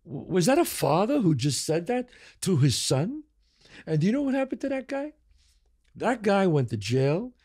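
An older man hosts a podcast, chatting casually and telling animated stories while acting out the people he quotes. His voice is high-pitched, and he talks at a normal speed.

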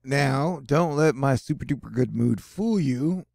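A man's voice: mid-range voice, expressive, unhurried, creaky, a little mellow, no room sound, clean studio sound. A man hosting a casual weather news show in a jokey, rambling way with self-deprecating asides. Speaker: host of a news and weather channel.

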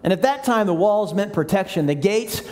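Man, pastor, high voice, conversational sermon, storytelling, long church reverb. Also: expressive, moderate pace, darkish tone. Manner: conversational storytelling, acting out scripture quotes. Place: large church sanctuary.

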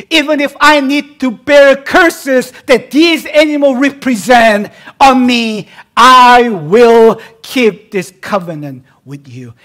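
A male preacher voicing God making a solemn promise, slow and fading to a whisper. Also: very high-pitched, a bit bright, voice pushed up, heavily acted. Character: God, solemn divine speaker making a vow.

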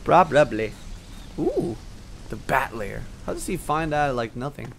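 A young man doing let's play commentary, excitable and swearing, yelling at the game. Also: medium pitch, normal speed, creaky, a little hiss or hum. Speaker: gaming YouTuber. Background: loud game music and fight sounds.

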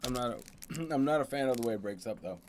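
An American man co-hosting a casual candy taste test, plainspoken and relaxed. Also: medium pitch, fast talker, a little hiss or hum. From United States. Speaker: taste-test show co-host. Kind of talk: casual chat.

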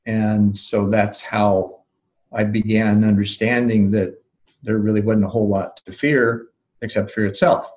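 A man being interviewed as a life coach, recounting a memory in a calm, thoughtful way with soft laughs and restarts. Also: lowish voice, unhurried, muffled recording. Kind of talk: reflective interview storytelling.

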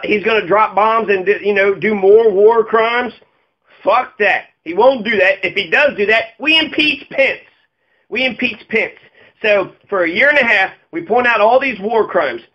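A man's voice: high voice, moderate pace, muffled recording. A man delivering a heated, profane political rant, full of sarcastic mocking asides. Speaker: political commentator. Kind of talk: ranting video monologue.

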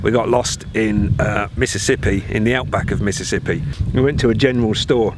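A man's voice: fairly low pitch, fairly quick, very noisy. A man from the UK on a road trip, chatting and telling stories for a travel vlog with plenty of jokes. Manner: chatty, animated storytelling with joking. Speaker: vlogger. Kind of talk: casual travel vlog chat.

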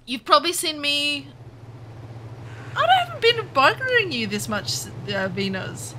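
A woman's voice: sits high, unhurried, background noise. A woman streaming gameplay, chatting on and eagerly greeting viewers by name. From Southern Hemisphere. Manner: chatty, greets chat by name with bursts of excitement. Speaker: game streamer. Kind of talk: live gameplay commentary.

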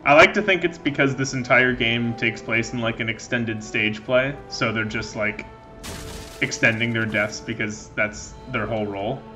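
A man with a bright, forceful voice chatters through a let's play, cracking jokes and wandering off mid-sentence. Faint game music sits underneath. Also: mid-range voice, normal speed. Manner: rambling, joking, loses his train of thought. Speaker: gaming channel host.

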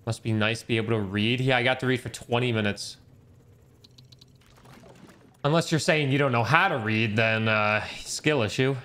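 A man's voice: mid-range voice, normal speed, long pauses, bright, forceful tone. A young man streaming a game, chatting casually in a rambling, joking way and swearing freely. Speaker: gaming streamer. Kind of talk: casual chat over gameplay.

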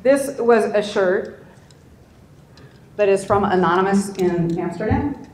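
A woman's voice: mid-range voice, expressive, slow pace, darkish tone, very echoey, low-quality recording. A middle-aged woman giving a conference talk in a conference room, speaking conversationally and often tagging her points with "right?". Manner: conversational, with frequent tag questions.

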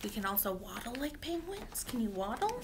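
A woman's voice: a little high, very animated, fairly quick, very noisy. A young woman teaching preschoolers, reading a picture book aloud in a sing-song, coaxing way and inviting children to join in. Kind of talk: children's story time.

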